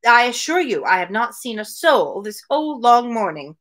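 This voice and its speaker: A woman's voice: fairly high pitch, big pitch swings, normal speed, fairly bright tone, pitched above the performer's own voice. A woman reading aloud and voicing a complaining, self-pitying young married woman. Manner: complaining, plaintive.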